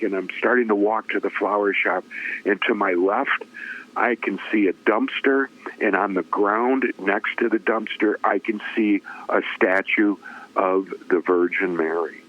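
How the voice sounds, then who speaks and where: Man telling his story over a tinny phone line. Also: lowish voice. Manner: dramatic storyteller who acts out quoted voices; emotional, voice rising with feeling. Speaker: interview guest, former radio personality. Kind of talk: personal testimony in conversation.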